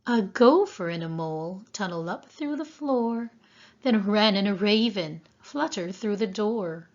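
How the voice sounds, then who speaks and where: A woman, a preschool teacher, reading a picture book aloud to children in an expressive sing-song way. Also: mid-range voice, a little slow. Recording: dull lo-fi sound.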